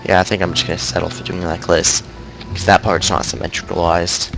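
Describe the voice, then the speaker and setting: Low-voiced rambling man with a cold. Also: level tone, fairly quick, vocal fry, music in the background, low-quality recording. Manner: rambling, self-deprecating, thinking aloud. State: congested with a cold. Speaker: game streamer. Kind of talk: casual let's-play commentary.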